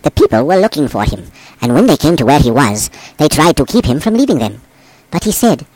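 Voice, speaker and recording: An abbot reading a gospel passage aloud with expressive delivery. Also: male voice, fairly high pitch, a little fast, no echo, low-quality recording. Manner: expressive, voices the quoted speakers.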